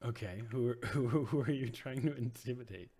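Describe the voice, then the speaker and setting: A man running a tabletop game as game master, animated and laughing often while he rules on the players' rolls. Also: mid-range voice, brisk, crowd noise. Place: home streaming setup.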